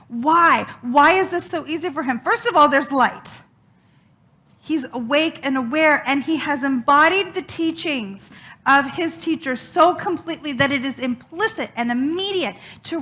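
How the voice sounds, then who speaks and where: A woman minister giving a sermon, retelling a story dramatically with expressive, emphatic repetition. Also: sits high.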